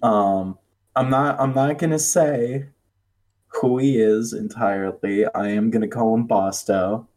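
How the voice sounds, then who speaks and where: A man's voice: fairly low pitch, a little slow, darkish tone. A man hosting a casual podcast chat, rambling and hesitant with lots of fillers. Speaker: podcast host.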